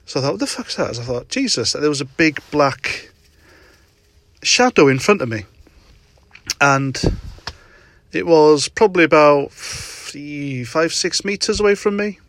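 A man's voice: a little high, a little slow, long pauses, fairly bright tone, dry recording. A middle-aged man hosting a casual solo podcast from his parked car at night, telling a story with frequent laughs and swearing. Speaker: podcast host.

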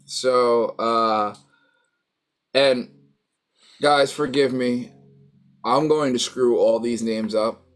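A man's voice: medium pitch, very slow, long pauses. A man casually recapping a story, rambling with many fillers and acting out quoted lines. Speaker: co-host recapping a show. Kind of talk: casual chat.

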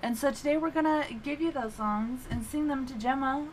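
A woman's voice: high-pitched, fairly quick, a little hiss or hum. A young woman co-hosting a podcast in casual chat, laughing often and swearing freely. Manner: laughs often, loose and profane. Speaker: podcast co-host.

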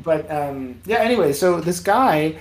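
A man's voice: on the high side, expressive, unhurried. A young man co-hosting a podcast, telling a story in a casual, rambling way and swearing freely. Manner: swears a lot, storytelling rants. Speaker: podcast co-host. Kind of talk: casual chat.

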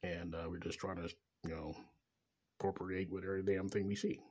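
A man's voice: low voice, flat delivery, fairly quick, darkish tone. A middle-aged man talking in a bitter, profane, rambling personal monologue about being a father. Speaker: father venting about child support.

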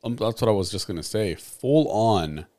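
A man's voice: lowish voice, lively intonation, moderate pace, mellow. A man co-hosting a casual podcast chat with an easygoing, slangy manner who sometimes gropes for words. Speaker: podcast co-host.

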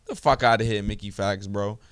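A man's voice: on the low side, a little fast, smooth, no echo, studio quality. A young man hosting his own podcast alone, ranting in a profane, heated, swaggering way. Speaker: podcast host. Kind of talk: solo podcast rant.

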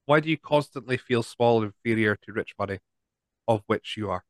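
Man, podcast host, low voice, sore throat, hesitant, dry sound. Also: fairly quick, no echo. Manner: hesitant, jokey, self-conscious. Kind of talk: casual chat.

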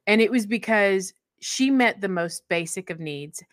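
A young adult woman warmly telling a personal story in casual conversation, laughing often mid-sentence. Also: medium pitch, expressive, a little slow, no room sound, clean studio sound.

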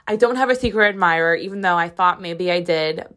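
A twenty-something woman with a lowish voice and fairly bright tone talks briskly as she hosts her podcast. She spins a chatty, profane story on her own, filling it with "like".

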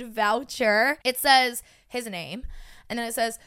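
Bright-voiced young woman telling a story. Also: a little high, takes it slowly, smooth. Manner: animated, swears freely, acts out quotes. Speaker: podcast co-host. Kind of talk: casual chat, storytelling.

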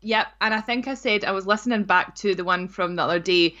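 A woman's voice: medium pitch, fairly quick, a bit bright, highs cut off. Giggly, frank woman co-hosting a podcast. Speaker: podcast co-host. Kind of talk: casual chat.

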